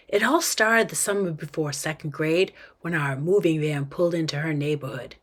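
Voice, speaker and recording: A woman teacher reading a first-person novel aloud, with an expressive manner. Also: low voice, moderate pace, few pauses.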